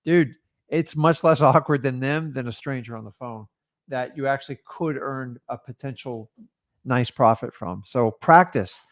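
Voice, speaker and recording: A man's voice: mid-range voice, unhurried, no room sound, studio quality. A man co-hosting a live stream, coaching casually with lots of filler words. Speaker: co-host of a live real estate stream.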